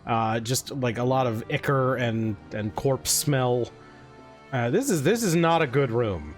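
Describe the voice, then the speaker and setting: Slow-talking game master man. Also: medium pitch, expressive, soft background music. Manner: slow, hesitant narration with fillers. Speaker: dungeon master. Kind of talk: narrating a tabletop game.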